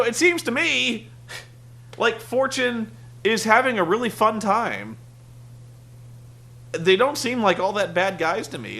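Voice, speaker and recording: A man's voice: high voice, pushed and bright. A young man hosting a casual wrestling review podcast, sarcastic and rambling, acting out the quotes he recounts.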